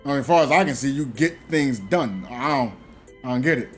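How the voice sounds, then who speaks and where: A man chatting casually on a gaming live stream, telling stories in an animated way and laughing often. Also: mid-range voice, brisk, soft background music. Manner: animated storytelling with frequent laughs.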